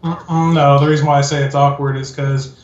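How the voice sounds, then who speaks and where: A man's voice: a little high, little pitch movement, brisk, muffled recording. A young man rambling casually in a laid-back way, full of fillers. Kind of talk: casual chat. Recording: roomy echo, game music.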